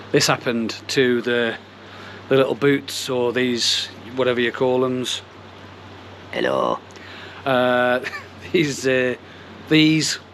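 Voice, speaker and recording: There's a touch of hiss or hum behind this middle-aged man's medium-pitched, slightly bright voice. He runs a koi pond channel and is recording an easygoing vlog outside, meandering through topics and teasing himself along the way.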